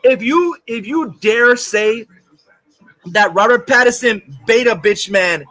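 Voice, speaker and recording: Guy ranting on his livestream, super high voice, swearing nonstop, reads chat out loud. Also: takes it slowly. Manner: profane, ranting, repetitive; reads chat comments aloud. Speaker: livestream host. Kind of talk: angry livestream rant.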